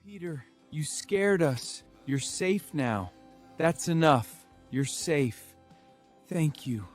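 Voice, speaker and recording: Man as a determined, lively father. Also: a little high, slow, soft background music. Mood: relieved. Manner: determined, reassuring. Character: anxious father searching for his son. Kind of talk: slow storybook drama for learners.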